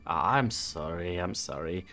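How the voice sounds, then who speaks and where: A worn-out hotel clerk, played by a man in a tabletop game, annoyed and stalling his guests. His pitch swings widely over faint background music. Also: lively intonation, measured pace, bright, forceful tone, full character voice. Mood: weary. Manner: weary, stalling. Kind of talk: tabletop role-play voicing.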